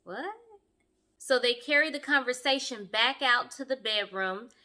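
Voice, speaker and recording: Brief: lively young woman reviewer, bright sharp voice, a touch high, sassy and direct. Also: normal speed. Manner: sassy, animated, talks straight to viewers. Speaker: online show reviewer. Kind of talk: casual commentary.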